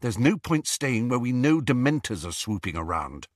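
A man voicing a brisk, clever, bossy young woman who talks in a quick, insistent way. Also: medium pitch, sing-song, no echo, clean studio sound. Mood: coaxing.

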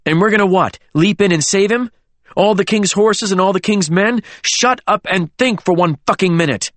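A man doing a sharp, sardonic young man. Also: fairly high pitch, big pitch swings, normal speed, no room sound, pitched above the performer's own voice. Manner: sharp, mocking.

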